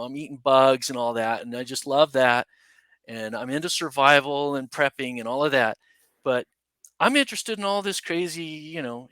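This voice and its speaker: A man guesting on a podcast, telling a story casually in a rambling, animated way full of asides. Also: medium pitch, no echo. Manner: animated, rambling, with many "you know" and "right?" asides.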